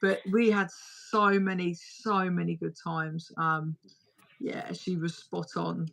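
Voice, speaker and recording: A woman's voice: on the low side, little pitch movement, slow pace, vocal fry, fairly bright tone. Chatty woman hosting a livestream. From United Kingdom. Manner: chatty, blunt, swears freely. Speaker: livestream host. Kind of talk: casual chat.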